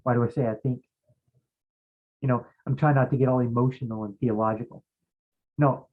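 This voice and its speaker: A man's voice: mid-range voice, fairly even intonation, a little fast. Rambling man on muffled phone-like audio. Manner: rambling, thinking aloud, searching for names. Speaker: Bible study teacher. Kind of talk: casual Bible study talk.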